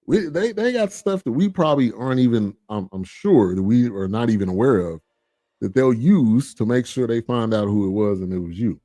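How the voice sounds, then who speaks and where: Dark mellow guy hosting a podcast, dry close sound, lots of "right", steady explaining. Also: medium pitch, moderate pace, no room sound. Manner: agreeable, steady explaining with frequent "right" and fillers. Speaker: podcast host. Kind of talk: casual chat.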